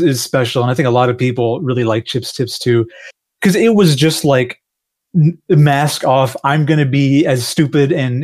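A man's voice: medium pitch, darkish tone. A man, a game developer, chatting casually on a panel, rambling and self-deprecating, laughing often.

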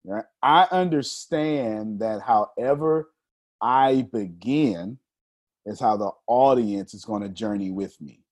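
A man, a professional speaker explaining his techniques to a group, talking deliberately with intentional pauses. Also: lowish voice, darkish tone.

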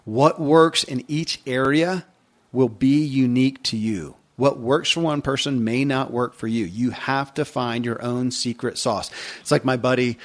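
A man's voice: medium pitch, steady tone, a little slow. Earnest man hosting a motivational podcast. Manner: earnest, emphatic, conversational. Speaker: podcast host. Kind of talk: motivational monologue.

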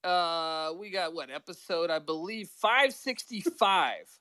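A man calling in as a podcast guest on a cell phone with earphones, telling rambling, excitable stories. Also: high voice, slow pace, clear, resonant tone, dry recording. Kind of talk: casual sports chat.

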